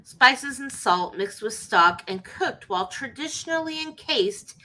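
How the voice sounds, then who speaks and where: A giggly woman cracks crude jokes during a movie chat, her voice bright and bouncing around in pitch. She reads facts aloud in halting bits. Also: lively intonation, poor audio. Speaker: podcast co-host.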